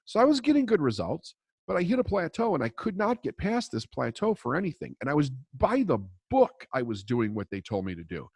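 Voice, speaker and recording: A man's voice: on the high side, wildly swooping pitch, fairly quick, creaky, slightly rough, no room sound. A man coaching on mindset in a podcast interview, telling a story in a blunt, emphatic way and swearing freely.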